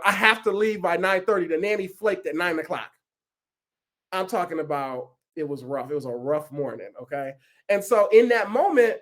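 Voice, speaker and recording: A man leading a resilience workshop over a video call, animated and casual, often checking in with his listeners. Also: sits high. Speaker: workshop facilitator. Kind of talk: energetic coaching talk on a video call.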